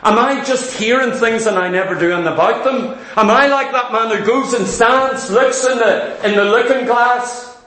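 Man, northern english accent, high voice, fervent preacher, echoey church hall. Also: bright, forceful tone. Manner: fervent, quick preaching with rhetorical questions. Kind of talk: sermon.

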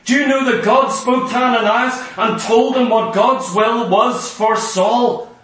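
A man's voice: very high voice, fairly even intonation, measured pace, fairly bright tone. A man preaching a fervent, exhorting sermon in a church hall. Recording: echoey hall from far off.

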